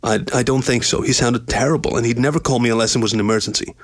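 A man's voice: mid-range voice, fairly even intonation, quick pace, no room sound, studio quality, natural voice. A man voicing a male lion in a storybook reading, terse and guarded, often mumbling. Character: male lion, gruff, defensive and devoted.

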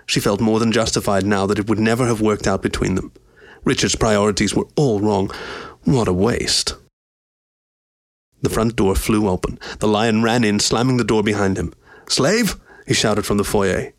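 Man narrating a story, gravelly voice, dry close sound, steady read. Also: on the low side, moderate pace, dry recording.

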